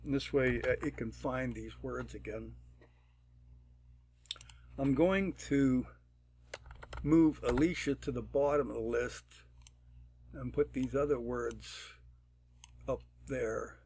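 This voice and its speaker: A man talking through a programming tutorial step by step, unhurried and thinking aloud, often clearing his throat. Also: medium pitch, darkish tone, a little hiss or hum. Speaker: tutorial presenter. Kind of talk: screen-recorded programming tutorial.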